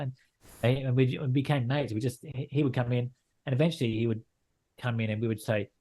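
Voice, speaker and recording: This man speaks briskly in a warm, medium-pitched voice with fairly even intonation. He's a middle-aged landscape photographer and gallery owner from Western Australia, Australia, talking openly in a relaxed interview and frequently repeating himself or starting phrases over.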